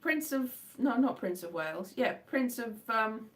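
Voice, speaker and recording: A woman's voice: a little slow, far from the mic. A woman chatting casually on a live stream, telling rambling stories with lots of restarts and self-corrections. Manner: animated, jumps into high-pitched acted exclamations.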